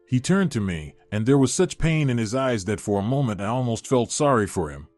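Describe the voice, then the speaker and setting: A man narrating a scripted first-person drama story in an expressive, dramatic way. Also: mid-range voice, a little fast, hardly any pauses, dry recording, soft background music.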